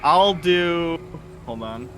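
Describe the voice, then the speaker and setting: A man's voice: on the high side, lively intonation, a bit bright, faint music behind. A man playing in a tabletop game, casually declaring what his character does. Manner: quick, casual, declaring actions. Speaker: player.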